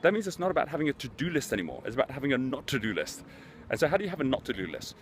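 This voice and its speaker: A man's voice: mid-range voice, sing-song, rapid-fire, slight background noise. A middle-aged man hosting a motivational business talk, telling stories in an earnest, conversational way. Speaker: host, business speaker.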